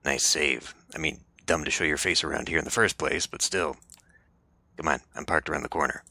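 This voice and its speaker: A man voicing a wry male Nosferatu vampire with a gravelly voice, reading a game aloud. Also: a bass voice, fairly even intonation, a little fast, sharp tone, no room sound, pitched below the performer's own voice, full character voice.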